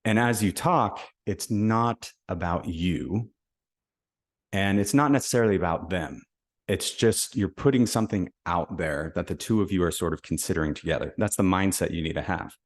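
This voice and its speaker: A man with a deep, low-pitched voice talks through sales technique in a relaxed, conversational way. He often slips into the lines he would say on a call, acting out both sides. The delivery is casual podcast chat. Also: moderate pace. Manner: conversational, acts out sales calls. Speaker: podcast host. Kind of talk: casual sales coaching talk.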